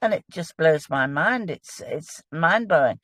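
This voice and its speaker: A woman's voice: deep voice, animated, a little slow, fairly bright tone, no echo. A woman, a guest in a casual religious discussion, explaining with earnest enthusiasm.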